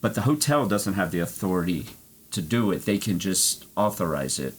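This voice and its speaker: Deep-voiced dude rambling on stream, cussing a lot. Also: male voice, animated, moderate pace, a little hiss or hum. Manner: rambling storyteller, swears freely. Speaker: streamer playing an arcade golf game. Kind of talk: casual chat.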